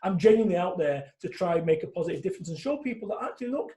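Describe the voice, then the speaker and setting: A man's voice: high voice, animated, very fast, dark tone. A man in his forties, a guest speaker talking bluntly and animatedly in a casual interview, swearing freely. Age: 40s. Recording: echoey room.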